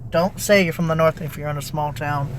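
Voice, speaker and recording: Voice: medium pitch, fairly quick, slight background noise. Rambling young vlogger in a car. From Texas. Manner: rambling, repeats itself, animated asides. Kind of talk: casual rant while driving.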